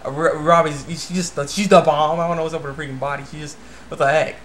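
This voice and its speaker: A man's voice: a little high, steady tone, fast talker, fairly bright tone, a little hiss or hum. A young man casually recapping an anime episode, rambling with lots of fillers and "he's like". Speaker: anime reviewer.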